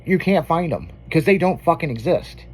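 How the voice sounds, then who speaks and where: A man's voice: fairly high pitch, expressive, moderate pace, darkish tone, breathy edge. A man hosting an afternoon radio show, telling loose, profane stories in casual banter. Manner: loose, profane storytelling with laughs. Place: radio studio.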